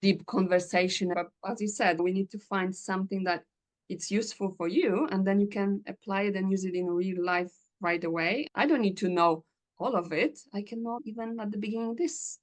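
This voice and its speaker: A woman's voice: medium pitch, normal speed. A woman hosting a podcast, telling stories with frequent laughter. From Poland. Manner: laughs often, animated storytelling. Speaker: podcast host and English teacher. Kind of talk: casual interview chat.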